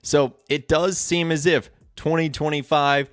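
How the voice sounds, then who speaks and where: Dude doing a gaming news vid, upbeat and chatty at the camera, dead dry sound. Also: male voice, on the high side, fairly even intonation, a little slow, fairly bright tone, dry recording. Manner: upbeat, direct address to viewers. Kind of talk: scripted video commentary.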